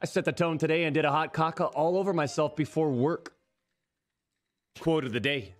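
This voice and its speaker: A man's voice: on the high side, moderate pace, faint music behind. A man streaming live, reading viewer donations aloud with brash, mock-serious banter. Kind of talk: theatrical livestream banter.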